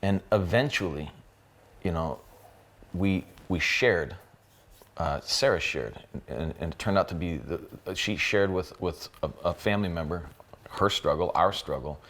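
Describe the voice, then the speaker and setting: Deep-voiced man, halting and earnest. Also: fairly bright tone. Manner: halting, with many repeated words and restarts. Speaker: company co-founder interviewed with his wife. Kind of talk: emotional personal storytelling.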